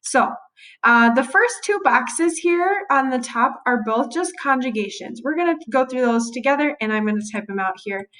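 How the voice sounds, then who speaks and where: A woman's voice: sits high, lively intonation, moderate pace, fairly bright tone, poor audio. A young woman teacher talking through a screen-recorded grammar tutorial in a casual way, correcting herself as she types. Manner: casual, self-correcting while typing.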